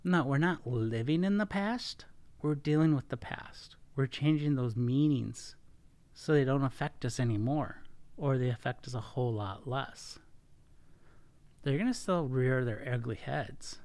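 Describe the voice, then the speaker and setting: A man's voice: mid-range voice, a little slow, a little mellow, no room sound. A middle-aged man hosting a casual solo podcast, talking earnestly and often correcting himself mid-sentence. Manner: earnest, self-correcting, stumbles over words. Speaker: podcast host.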